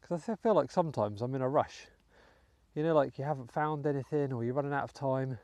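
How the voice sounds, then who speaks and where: British bloke doing a metal detecting vlog outside, mellow voice, chatty, dry close sound. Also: male voice, medium pitch, fast, no room sound. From United Kingdom. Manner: chatty, talks to viewers while working, muttering asides. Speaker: metal detecting channel host. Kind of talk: casual vlog commentary while digging. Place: outdoors in a wet field.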